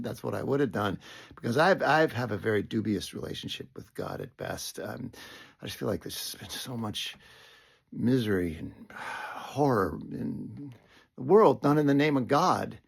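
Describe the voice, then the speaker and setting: A middle-aged man tells a personal story straight to the listener, thinking aloud as he goes. His voice is gravelly and husky, and he often restarts his sentences and sinks into soft, whispered asides. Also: medium pitch, animated, moderate pace.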